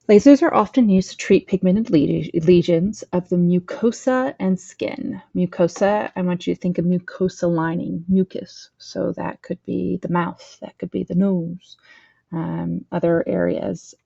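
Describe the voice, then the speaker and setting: A woman's voice: lowish voice, unhurried, vocal fry, dark tone, breathy edge, no room sound, lo-fi sound. A woman teaching a training lesson, reading slides aloud with a slight lisp, stumbling over terms and correcting herself. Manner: reads text aloud, stumbles and corrects herself, adds plain explanations. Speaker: instructor.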